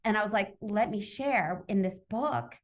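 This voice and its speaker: Animated woman telling a personal story. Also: mid-range voice, normal speed. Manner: animated, acts out her own inner voice. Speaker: summit guest, author. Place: video call.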